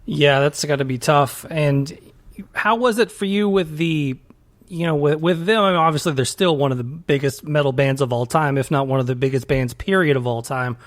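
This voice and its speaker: A man hosting a casual interview, conversational and enthusiastic, filling pauses with "you know". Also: fairly high pitch. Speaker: podcast host.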